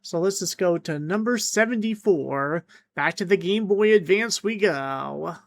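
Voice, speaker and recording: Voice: medium pitch, expressive, unhurried, creaky. A host giving casual, chatty commentary on a song countdown, with frequent restarts and fillers.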